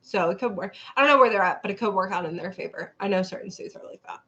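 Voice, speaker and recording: A woman's voice: mid-range voice, quick pace, sharp tone, highs cut off. A young woman co-hosting a podcast, casually retelling a story she saw online, acting out the people in it and swearing freely. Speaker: podcast co-host.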